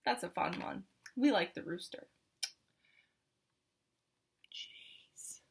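High, lively woman teacher reading aloud. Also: takes it slowly, long pauses. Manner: sing-song, exaggerated and encouraging for toddlers. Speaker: preschool teacher. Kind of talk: circle time read-aloud for young children.

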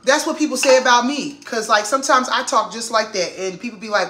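Woman, casual cooking vlog host, assertive and loud, recorded in a roomy kitchen. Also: a little high. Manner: loud, assertive, quick to laugh. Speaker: vlogger. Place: home kitchen. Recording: echoey kitchen with clattering pots.

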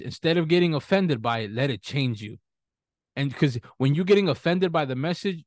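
A man preaching a sermon in an emphatic way, reading scripture references slowly and repeating them. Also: mid-range voice, a little mellow, no echo.

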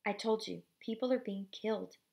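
A stern, worried father of a family voiced by a woman reading a storybook aloud speaks in flat, clipped orders. The voice has a gravelly creak and no great change from the reader's own. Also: medium pitch, normal speed, lo-fi sound, natural voice.

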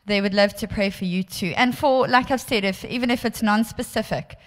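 A woman with a South African accent giving gentle, encouraging closing announcements at church, sometimes hesitant. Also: medium pitch, brisk. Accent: South African English. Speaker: church leader making announcements. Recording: long hall reverb.

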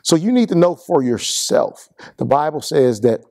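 A man preaching as pastor, giving announcements and a closing benediction, earnest and repetitive, going slightly hoarse. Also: on the high side, very animated, normal speed, darkish tone, no room sound, clean studio sound. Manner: earnest, repeats words, rising to a fervent benediction. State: losing his voice.

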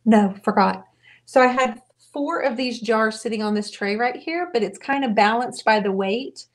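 Higher-voiced chatty lady painting live, tells stories and laughs a lot. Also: normal speed. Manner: chatty, storytelling, laughing often. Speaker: painting livestream host. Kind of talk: casual chat while painting.

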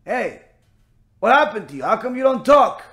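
Guy doing a nervous husband, talks fast, kinda high. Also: big pitch swings, fairly bright tone, exaggerated voice. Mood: flustered. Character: flustered husband who bought the parrot.

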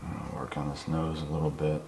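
A man quietly talking through a live portrait drawing in his apartment, soft-spoken with nervous asides. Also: very deep voice, level tone, moderate pace, reverberant, noisy background. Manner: soft-spoken, murmured, self-conscious asides. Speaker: artist demonstrating drawing. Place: apartment room, indoors.

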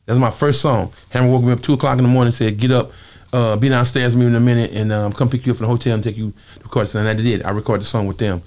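A man who is a former singer, telling lively stories in an interview and acting out the voices of other people in them. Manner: quick, lively storytelling, acting out quoted voices with big jumps in pitch. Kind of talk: animated storytelling interview.

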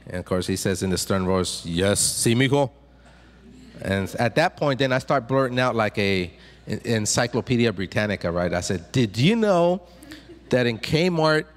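A man telling humorous personal stories to a student audience. He is chatty, often checks in with "right?", and repeats and restarts his words. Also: mid-range voice. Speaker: motivational speaker to students. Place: large hall, speaking to a student audience. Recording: long hall reverb.

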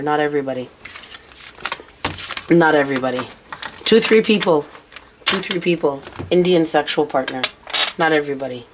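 A lower-voiced woman reading tarot cards in a casual, blunt way, cursing freely as she passes on messages she hears from spirit. A faint hiss sits under her voice. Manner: blunt, swearing, talking as if relaying spirit messages. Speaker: tarot reader.

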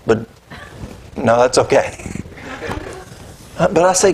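A man preaching a sermon, telling a personal story in a conversational, animated way. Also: high-pitched, unhurried, pauses often, slight background noise. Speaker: pastor. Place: church.

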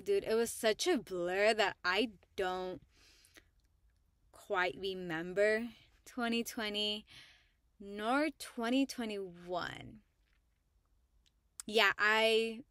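Woman, faith vlogger, casual heartfelt testimony, slangy, bright tense tone, dry close sound. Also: medium pitch, no echo. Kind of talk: candid personal testimony to camera.

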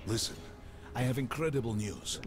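An actor voicing a calm, wise male mystic guide in a video game, speaking in a grave, measured, urgent way. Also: medium pitch, close to an everyday voice. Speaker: game character. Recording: game audio with music behind.

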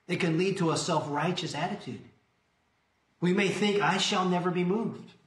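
A man preaching a sermon as pastor, earnest, slowing down to stress the scripture he quotes. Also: high voice, echoey room. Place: church sanctuary.

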